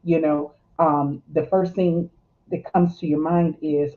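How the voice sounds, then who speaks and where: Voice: medium pitch, level tone, takes it slowly. A woman guest speaking reflectively, with lots of fillers and restarts, heard over a phone-like line. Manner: hesitant, many fillers and restarts. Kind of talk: reflective conversation.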